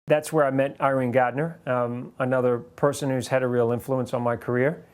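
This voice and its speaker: A New Zealand man in his forties, his accent partly Americanized, recalls his years as a TV host in an interview. His mid-range voice is flat and a little fast as he reflects through anecdotes.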